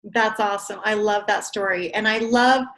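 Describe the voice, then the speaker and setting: A woman leading a team training call, asking questions and offering encouragement with quick asides. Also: mid-range voice, steady tone, a bit bright, rough recording. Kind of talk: interviewing, coaching.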